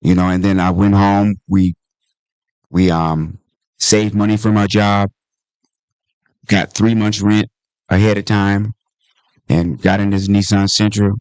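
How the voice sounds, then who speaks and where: Pitched on the low side, this man speaks a little slowly and pauses often, captured in a dry recording. A Washington, D.C. comedian and author at a book talk, he tells life stories in conversation, bringing them to life by acting out the other people's voices.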